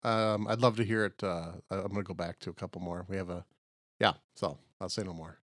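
Lower-voiced man, rambling and jokey. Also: steady tone, brisk, fairly bright tone, no echo, clean studio sound. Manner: rambling, jokey, easygoing talk with playful tangents. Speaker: podcast co-host. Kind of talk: comedic podcast banter.

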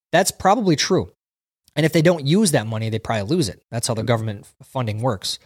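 A man's voice: medium pitch, expressive, brisk, no room sound. Casual male stream host riffing on comments, mid voice, dry mic. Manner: chatty, reads viewer comments aloud and riffs on them. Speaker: livestream host reading chat. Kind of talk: casual chat.

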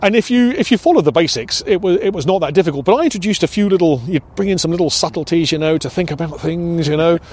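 An older British man talks through his years as a pilot instructor at an easy, reflective pace. His voice sits a little high for a man, and he often stops and restarts mid-sentence as he remembers. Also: lively intonation, fast talker, few pauses, darkish tone. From United Kingdom. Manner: reflective, many restarts and hesitations. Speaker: interviewee, former RAF pilot instructor. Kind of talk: oral history interview.

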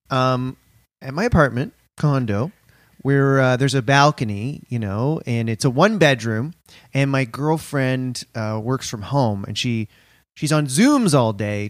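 A man's voice: mid-range voice, no echo, clean studio sound. A young man casually telling a comic story as a podcast co-host, swearing and acting out quotes. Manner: animated, swearing, acts out quotes in a raised voice.

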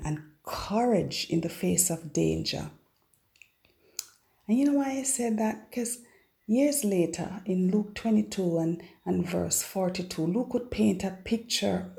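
A woman teaching a devotional Bible lesson, telling it as an expressive, dramatic story. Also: on the low side, creaky. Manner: expressive, dramatic storyteller who acts out scripture.

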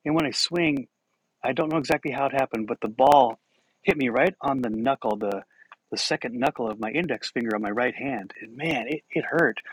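A man's voice: medium pitch, fairly quick, husky, dry recording, low-quality recording. A man hosting a podcast, telling a personal story in a casual, self-deprecating way with chuckles. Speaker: podcast host.

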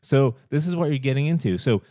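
Animated man rambling about movies. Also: mid-range voice, fast, dry recording, clean studio sound. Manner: animated, rambling with restarts and rhetorical questions. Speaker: podcast co-host. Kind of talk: casual film discussion.

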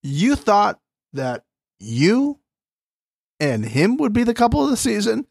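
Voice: mid-range voice, very animated, takes it slowly, gravelly, pauses often, darkish tone, husky, no room sound, clean studio sound. A co-host of a podcast, recapping a reality show in a dramatic, mocking way. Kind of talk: casual reality TV recap chat.

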